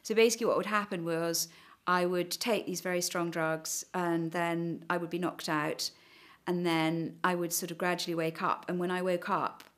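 A woman's voice: fairly low pitch, level tone, normal speed, fairly bright tone. Hesitant, reflective woman. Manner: hesitant, reflective, many fillers and "sort of". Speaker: interviewee. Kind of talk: personal account in conversation.

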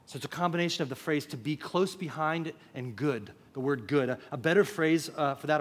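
A young man preaching a sermon in a church, talking conversationally with asides to the congregation. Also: mid-range voice. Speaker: pastor. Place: church auditorium.

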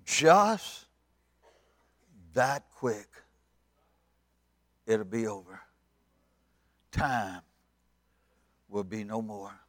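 A man preaching at a revival, telling the story dramatically and swinging from loud to hushed. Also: lowish voice, expressive, extremely slow, pauses often, no room sound. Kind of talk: sermon.

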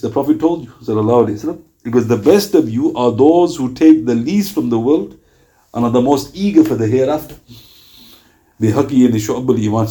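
A man giving an informal religious talk as a preacher, lively and joking, laughing often and acting out dialogue. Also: medium pitch.

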